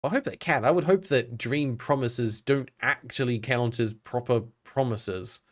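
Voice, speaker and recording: A man's voice: medium pitch, unhurried. An Australian man streaming a game, chatting casually and reading on-screen text aloud with self-mocking asides. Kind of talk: casual gameplay commentary.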